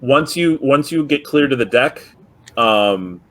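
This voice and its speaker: A man's voice: medium pitch, lively intonation, slow, a bit bright, low-quality recording. Man running a tabletop game. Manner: hesitant, many ums and restarts. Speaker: game master.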